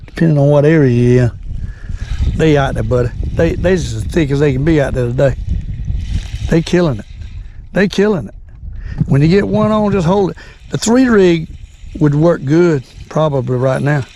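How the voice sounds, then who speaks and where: An older man hosting a fishing vlog from a boat, folksy and excitable, repeating his exclamations. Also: a little high, moderate pace, pauses often, background noise. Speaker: fishing channel host. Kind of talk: casual fishing vlog narration. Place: on a boat on a lake.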